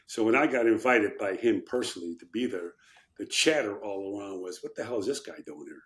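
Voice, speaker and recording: Older man, low voice, lively anecdotal storytelling, echoey room. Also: fairly quick. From Chicago, USA. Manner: animated anecdotes, acting out quotes. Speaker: guest, former congressman. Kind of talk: storytelling in a podcast interview.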